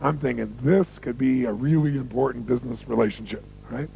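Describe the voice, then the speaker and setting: A man telling stories in a motivational seminar, animated and full of rhetorical questions to the audience. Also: mid-range voice, fairly quick, creaky, slight background noise, rough recording. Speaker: seminar speaker.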